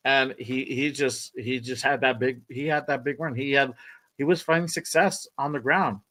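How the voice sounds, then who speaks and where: A man's voice: medium pitch, steady tone, normal speed, fairly bright tone. A man hosting a sports podcast, talking in a loose, rambling way, swearing and repeating himself. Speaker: podcast host. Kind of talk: casual sports podcast chat.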